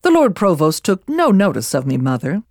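A reader voicing a cheerful young Scottish gentleman in an audiobook, speaking soothingly. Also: medium pitch, wildly swooping pitch, moderate pace, no echo, studio quality.

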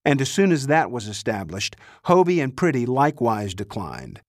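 A middle-aged man narrates a novel in a measured, unhurried voice. His pitch sits in the middle of the male range. The sound is close and dry with no room around it. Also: very animated, no echo. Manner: measured, dry storytelling with lightly voiced characters. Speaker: audiobook narrator. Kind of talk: scripted narration.

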